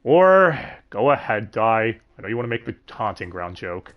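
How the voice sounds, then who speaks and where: Animated, swearing male host. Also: fairly low pitch, normal speed, muffled recording. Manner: animated, swears freely, laughs often. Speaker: podcast host. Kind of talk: casual livestream chat.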